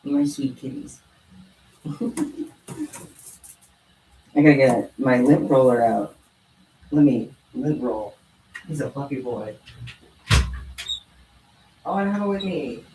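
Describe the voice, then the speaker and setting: Chatting casually while crafting in a room at home, a young adult vlogger coos baby talk at her pet cats. She speaks slowly, pausing often, in a medium-pitched, dark-toned voice. The distant mic makes it sound roomy, with slight hiss or hum.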